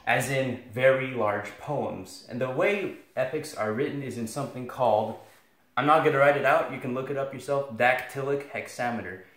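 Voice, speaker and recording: This Latin tutor's mid-range, fairly bright voice carries a loose, jokey lesson for his students. He rambles sarcastically and pokes fun at himself, and the room around him echoes.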